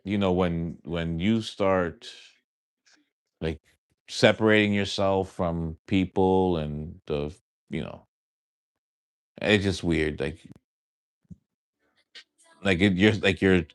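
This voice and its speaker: A man's voice: low voice, a bit bright, no room sound, studio quality. A man from New York with a light New York accent, chatting casually with his live-stream audience, rambling and repeating himself with lots of fillers.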